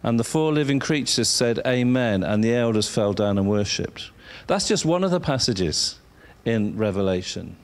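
A man preaching a sermon, drawing words out for emphasis and sometimes dropping to a soft whisper. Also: mid-range voice, lively intonation. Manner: slow, drawn-out emphasis, dropping to a whisper at times.

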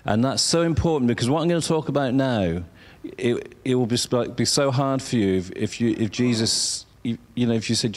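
A man preaching an informal sermon, halting and repeating himself as he coaxes listeners to speak along. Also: mid-range voice.

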